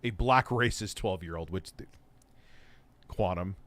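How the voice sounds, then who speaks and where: A man's voice: sits low, a little slow, a bit bright. A man hosting an online show, giving casual, sarcastic commentary on clips. He sounds exasperated and swears freely. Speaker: host.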